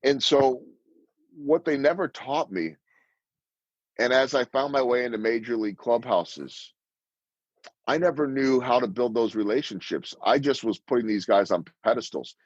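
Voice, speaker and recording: A man's voice: medium pitch, moderate pace, no room sound, lo-fi sound. A man in his fifties, a sports broadcaster guest telling stories in an interview and acting out the lines he quotes. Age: 50s. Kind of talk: storytelling interview answers.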